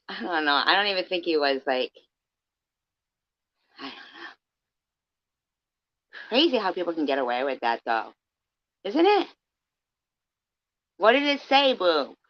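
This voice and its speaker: Low, slow-talking woman livestreamer. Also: sharp tone, no echo. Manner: chatty, laughing, swears freely. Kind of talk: casual livestream chat. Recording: dull dry stream audio.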